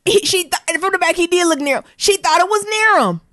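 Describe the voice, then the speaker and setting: A woman co-hosting a podcast, telling a story in a casual, animated way and breaking into laughter. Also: very high voice, brisk, dry recording, clean studio sound. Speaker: podcast co-host.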